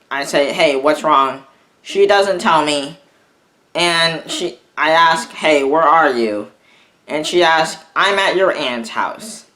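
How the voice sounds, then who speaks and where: A young man telling a personal story in a vlog, halting and rambling, often restarting his sentences. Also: fairly high pitch, bright, forceful tone. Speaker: vlogger.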